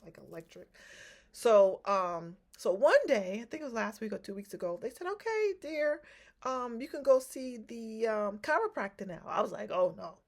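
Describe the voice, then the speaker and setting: A middle-aged woman telling a personal story in casual chat, rambling with restarts and filler words. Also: fairly low pitch. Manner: rambling, repeats herself, many restarts and ums. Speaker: vlogger.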